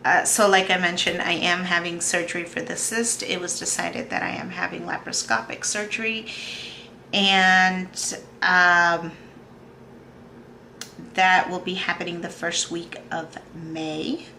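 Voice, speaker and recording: Slow, gravelly-voiced woman in her thirties. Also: lowish voice, little pitch movement, a little hiss or hum. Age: 30s. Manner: soft, halting, tearful-sounding talk with many pauses and fillers. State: emotional, on the verge of tears. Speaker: vlogger. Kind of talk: personal video diary.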